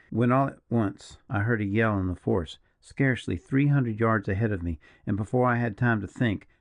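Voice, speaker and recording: A man reading a brooding, gravelly partisan officer. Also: on the low side, no echo. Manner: slow, mournful, measured. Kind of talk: audiobook character reading.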